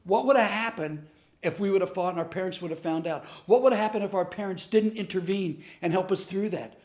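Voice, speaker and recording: A middle-aged man leads a class by telling stories, acting out every voice in them. His voice sits a little high for a man. His delivery is animated and lively. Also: brisk, echoey room. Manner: animated storyteller acting out dialogue. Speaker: comedian teaching a class on bullying. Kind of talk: storytelling lesson.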